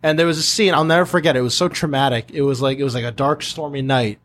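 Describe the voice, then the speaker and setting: A man's voice: mid-range voice, fast. A man hosting a podcast, telling stories in a casual chat and acting out the voices of people in them. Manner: animated storyteller who acts out voices. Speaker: podcast host.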